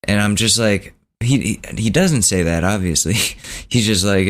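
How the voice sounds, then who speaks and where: Low-voiced, laid-back man telling a story. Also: unhurried. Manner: relaxed and rambling, with laughs. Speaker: podcast host. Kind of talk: casual storytelling.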